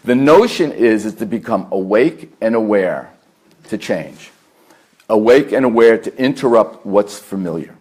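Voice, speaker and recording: A man with a New York accent, a therapist lecturing a meditation group, earnest and deliberate, stacking repeated phrases with fillers. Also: fairly low pitch, animated, darkish tone, husky. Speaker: therapist giving a talk. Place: meditation center hall.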